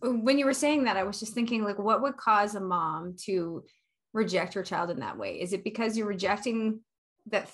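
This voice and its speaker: A woman's voice: mid-range voice, animated. A woman hosting a casual interview, asking questions and laughing along. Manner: friendly, laughs along, quick reactions. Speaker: podcast host.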